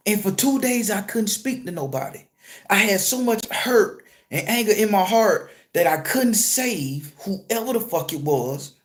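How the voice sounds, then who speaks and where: Animated man with a higher voice. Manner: animated, swings between loud excited retelling and low quiet murmur; crude, joking, streetwise slang. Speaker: spiritual content creator and tarot reader. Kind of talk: casual profane storytelling monologue.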